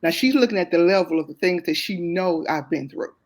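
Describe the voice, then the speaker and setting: A middle-aged woman, a guest on a talk show, telling a personal story in a lively, expressive way with casual Southern phrasing. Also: lowish voice. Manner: lively, expressive, quick to laugh at herself.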